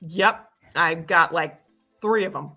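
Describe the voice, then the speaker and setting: A woman's voice: fairly low pitch, takes it slowly, bright, forceful tone, faint music behind, voice pushed down, full character voice. A woman playing a confused, reluctant young man in an improvised scene, in a hesitant, stammering put-on Boston accent. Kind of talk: improvised comic scene reading.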